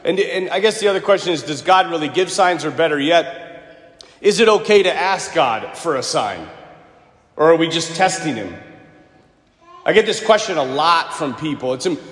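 Priest type, man, lively pitch, throat-clearing storyteller, roomy church sound. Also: normal speed. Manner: animated, joking storyteller. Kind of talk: homily. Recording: echoey hall with long reverb.

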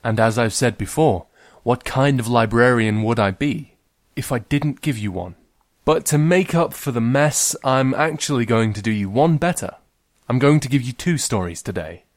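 A man's voice: mid-range voice, expressive, moderate pace, no room sound, clean studio sound. Wry man reading stories. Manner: wry, gently humorous. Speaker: librarian storyteller host. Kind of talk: reading a story aloud.

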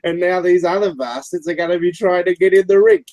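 A man's voice: sits high, very animated, a little fast, a little mellow, no echo, voice pushed up. Man putting on a brash bogan woman announcer, Anna Poller. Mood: hyped commentary. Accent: exaggerated Australian. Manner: crude, swearing, rowdy. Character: crude brash female bogan wrestling announcer. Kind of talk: improvised character voice.

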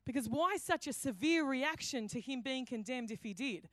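A woman's voice: high-pitched, lively intonation, normal speed, dry recording. Woman pastor preaching. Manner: storytelling, acts out quoted lines, frequent restarts. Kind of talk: sermon.

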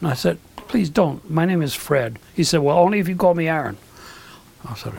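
Animated older man telling stories. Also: on the high side, a little fast, gravelly. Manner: animated, acts out quoted dialogue; rambling with restarts and asides. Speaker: guest, recording engineer. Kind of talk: storytelling in an interview.

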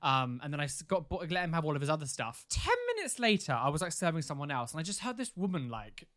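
A young adult, co-hosting a podcast and telling a work story in casual, animated chat. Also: medium pitch, fast. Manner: animated, acts out angry customers in shouty voices. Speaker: podcast co-host.

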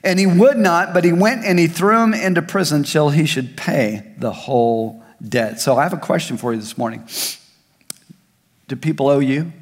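A male pastor preaching a sermon, swinging between raised emphasis and soft, hushed asides. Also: fairly high pitch, moderate pace. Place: large church hall. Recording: long hall reverb.

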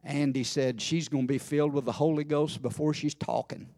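A man preaching a sermon in a church service, folksy and full of amens, building to fervent shouts. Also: fairly high pitch, steady tone, a little fast, no echo. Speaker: pastor.

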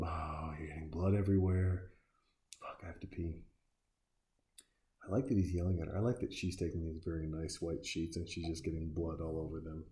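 A man's voice: low-pitched, fairly even intonation, normal speed, warm tone. A man giving casual, sarcastic and profane reaction commentary, talking back at the screen as he watches.

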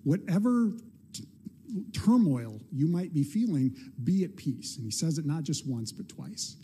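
A man preaching a relaxed, chatty sermon that turns playful when he acts out the people in the story. His voice sits a little high for a man, with a mellow, warm tone and a husky edge. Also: a little slow. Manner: conversational, playful, acts out quotes. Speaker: pastor.

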